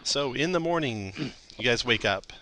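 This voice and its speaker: A man acting as dungeon master, narrating scenes and explaining rules in a relaxed way with occasional fillers. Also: medium pitch, moderate pace, background noise. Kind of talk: narrating a tabletop game.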